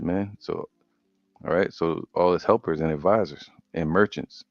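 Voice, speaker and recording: A man preaching, reading Bible verses slowly and breaking off into casual commentary. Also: sits low, gravelly, dry recording, soft background music. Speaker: preacher teaching scripture. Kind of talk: scripture study sermon. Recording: dull lo-fi audio.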